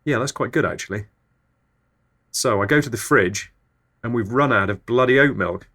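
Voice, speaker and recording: A man delivering an absurdist comic monologue as a podcast host in a deadpan, low-key way. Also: moderate pace.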